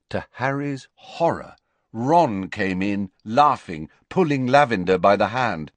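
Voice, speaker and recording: A man reading an audiobook aloud as its narrator, expressive and measured in his storytelling. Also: on the low side, no room sound. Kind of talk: scripted narration.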